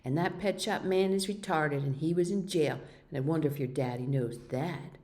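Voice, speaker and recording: A woman's voice: low-pitched, normal speed, close to an everyday voice. A woman reading aloud, voicing a young boy who taunts and tattles in a children's storybook. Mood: shouting. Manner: shouting, tattling.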